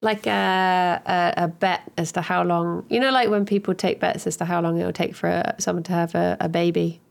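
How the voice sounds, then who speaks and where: A woman's voice: on the low side, steady tone, moderate pace, vocal fry. A woman from Hertfordshire, co-hosting a podcast and rambling through stories with lots of giggles. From Hertfordshire, England. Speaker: podcast co-host. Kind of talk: casual chat.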